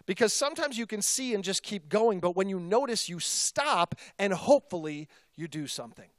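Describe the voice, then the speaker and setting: High, clear-voiced pastor telling a story. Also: male voice, normal speed, no room sound, studio quality. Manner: conversational, self-deprecating, animated storytelling. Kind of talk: sermon storytelling.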